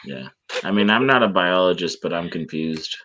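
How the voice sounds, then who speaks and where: A man co-hosting a casual livestream chat, an animated and chatty storyteller. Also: low voice, moderate pace, a little hiss or hum.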